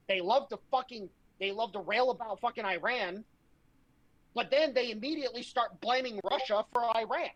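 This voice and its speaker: A woman's voice: on the high side, normal speed, low-quality recording. A woman, a podcast co-host, ranting in heated, profane political talk full of sarcasm.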